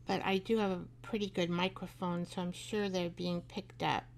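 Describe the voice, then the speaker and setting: A woman's voice: fairly low pitch, flat delivery, normal speed, gravelly, slight background noise. A middle-aged woman hosting a live craft show, chatting and rambling as she works, laughing often and talking to her craft pieces. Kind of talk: live craft tutorial chat.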